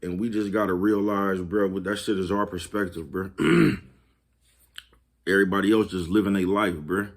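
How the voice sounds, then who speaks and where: A man's voice: low voice, steady tone, a little slow. A man, talking casually to his viewers, laid-back and repetitive, laughing at his own jokes. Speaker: vlogger. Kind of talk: casual monologue to camera.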